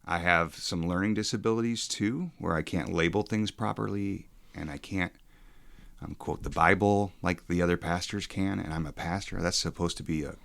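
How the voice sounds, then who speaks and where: A pastor in his forties who talks in a halting, reflective way, with many ums and restarts. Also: deep voice, gravelly, fairly bright tone. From suburbs of Chicago. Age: 40s. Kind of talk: casual podcast conversation.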